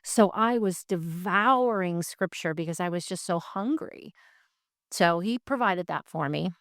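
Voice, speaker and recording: A woman's voice: fairly low pitch, a little slow, no echo, studio quality. A woman guest telling a personal faith story with candid feeling, talking straight and acting out the voices of the people in it. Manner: emotional, acts out the voices in her story; straightforward and frank. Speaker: guest sharing her faith testimony.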